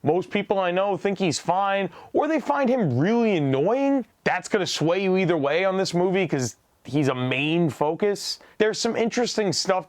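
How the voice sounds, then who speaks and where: A man's voice: on the high side, no room sound. Sarcastic man reviewing a movie. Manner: sarcastic, joking, deadpan asides. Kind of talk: casual movie review vlog.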